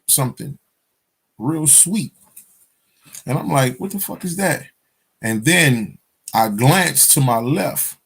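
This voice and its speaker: A man's voice: medium pitch, creaky, a bit bright, breathy edge. A man telling a personal spiritual story in a casual, profane, rambling monologue, often checking in with "you understand?". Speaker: spiritual vlogger.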